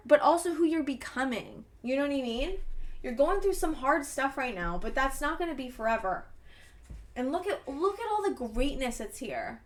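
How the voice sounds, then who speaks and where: A woman's voice: high voice, expressive, moderate pace, fairly bright tone. A woman giving a casual tarot reading to camera, effusive and encouraging, rambling and restarting her sentences. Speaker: tarot reader.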